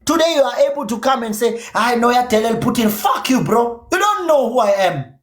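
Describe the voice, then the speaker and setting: A man's voice: very high voice, very animated, moderate pace. A South African man with a Zulu-inflected accent, a native isiZulu speaker, ranting confrontationally and profanely on his podcast stream. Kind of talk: angry livestream rant. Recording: echoey room.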